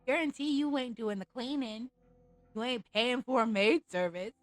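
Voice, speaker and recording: A woman's voice: fairly high pitch, normal speed, dry recording, faint music behind, rough recording. A woman streamer ranting in a casual, blunt and profane way over a live game stream.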